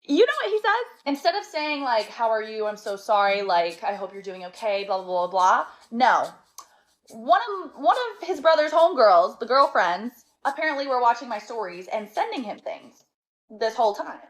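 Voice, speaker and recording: A woman telling a storytime in a casual, animated and sassy way, exasperated and laughing between lines. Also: fairly high pitch, normal speed, poor audio.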